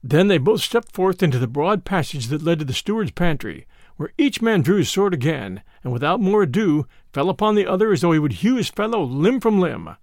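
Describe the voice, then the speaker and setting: Expressive male storybook narrator. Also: a little high, fairly quick, hardly any pauses, no room sound, studio quality. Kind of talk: storybook reading.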